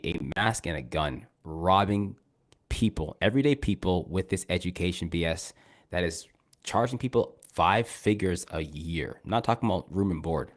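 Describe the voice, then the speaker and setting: Man, very low voice, relaxed explanatory chat, trading stream host. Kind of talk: casual live-stream chat.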